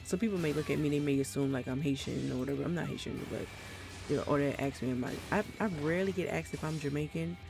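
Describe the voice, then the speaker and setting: A live streamer with a slight Trinidadian accent, talking at an ordinary middle pitch in a loose, rambling way. The speech is frank and full of swearing, with thoughts restarted again and again. Faint game music plays underneath. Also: quick pace, creaky. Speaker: gameplay streamer. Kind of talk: casual live-stream chat. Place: home, South Florida.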